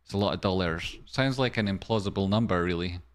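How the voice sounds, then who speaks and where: Casting: male host, low-ish voice, dry jokey delivery, comic market rundown. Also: quick pace. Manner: wry, jokey asides, sudden softer murmurs. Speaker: stock stream host. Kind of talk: comedic market news rundown.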